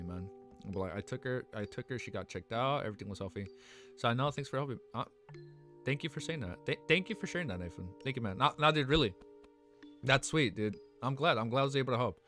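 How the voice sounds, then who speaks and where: A young man streaming live who chats casually with viewers. He is excitable, peppers his talk with "bro" and "man", and turns earnest and consoling when things get serious. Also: mid-range voice. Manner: excitable, talks to chat with constant "bro" and "man". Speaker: livestreamer.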